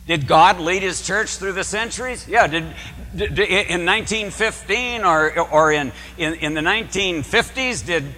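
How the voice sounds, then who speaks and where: Lively, bright-voiced preaching priest. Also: male voice, on the high side, in a large hall, slight background noise. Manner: emphatic, repeats key words, asks the congregation questions. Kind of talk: sermon. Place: church.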